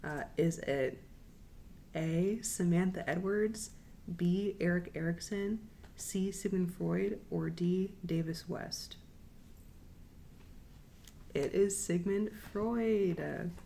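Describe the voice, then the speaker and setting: A young woman giving a recorded class presentation, reading out quiz questions and options in a measured way, repeating them, with frequent ums. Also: on the low side, vocal fry, dark tone, a little hiss or hum. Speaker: counseling student presenting.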